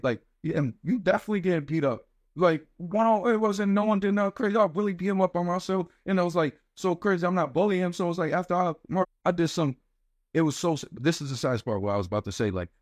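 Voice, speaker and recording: A man's voice: a little high, no room sound. Slangy young man, close dry studio mic. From New York. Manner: animated, slangy, acts out quoted voices, repeats "you get what I'm saying". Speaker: rapper guest. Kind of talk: casual interview storytelling. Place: small podcast studio. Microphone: studio microphone.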